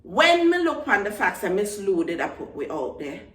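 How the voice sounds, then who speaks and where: Animated Jamaican woman, roomy sound. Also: medium pitch, moderate pace. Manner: passionate, mixes Patois phrases into English. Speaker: vlogger. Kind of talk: casual chat to camera. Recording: roomy echo, mic at a distance.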